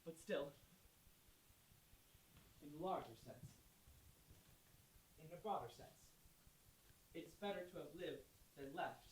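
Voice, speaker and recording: A man's voice: on the high side, expressive, slow pace, pauses often, recorded from a distance. A man playing a chatty, confiding musical fan. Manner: chatty, confiding, building to shouting rant. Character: man obsessed with a cast record, bitter about his marriage. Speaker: narrator character, musical fan. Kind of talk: stage musical acting, addressing audience. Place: school theater stage. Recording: roomy stage sound from afar, faint noise.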